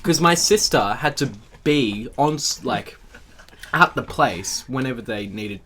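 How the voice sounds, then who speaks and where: A young man, chatting casually on a podcast. His pitch swings widely as he rambles through stories, and a faint hiss sits under the voice. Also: animated, a little slow, pushed and bright. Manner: rambling anecdotes with frequent laughter. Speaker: podcast co-host. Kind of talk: casual chat.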